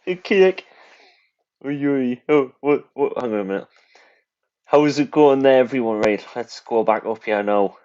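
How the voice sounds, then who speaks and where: A man's voice: mid-range voice, moderate pace, a little mellow, clean tone. A man hosting a casual livestream from his home kitchen, rambling and chatty and swearing freely. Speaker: livestream host. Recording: dull lo-fi stream audio, faint hiss.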